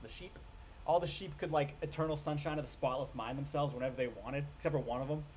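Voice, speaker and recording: A man's voice: fairly high pitch, quick pace, darkish tone, a little hiss or hum. Rambling man reviewing a movie. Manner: rambling, heavy on fillers and restarts, swears casually. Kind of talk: casual spoken review.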